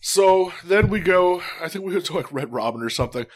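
A young man casually telling a story, animated and swearing freely. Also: high-pitched, fairly quick. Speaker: guest.

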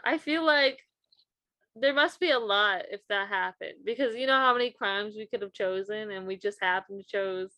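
A woman's voice: medium pitch, normal speed, pushed and bright, dry recording. A young woman co-hosting a podcast in casual chat, reacting and often trailing off mid-sentence. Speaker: podcast co-host.

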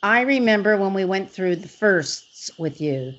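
A woman's voice: mid-range voice, lively intonation, a little slow, fairly bright tone. A woman interviewing a guest, asking questions and affirming her answers. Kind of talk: conversational interview. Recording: dull lo-fi audio.

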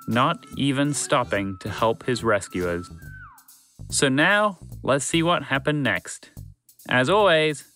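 A man narrating a children's story in a calm, measured, friendly way. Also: medium pitch.

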